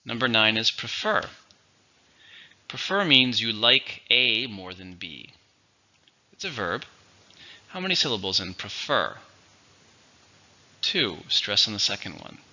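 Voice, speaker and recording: Man slowly teaching vocabulary, bright tone. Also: on the low side, very animated. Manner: slow, clear, instructive delivery. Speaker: English teacher. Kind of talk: vocabulary lesson. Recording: dull, lo-fi recording.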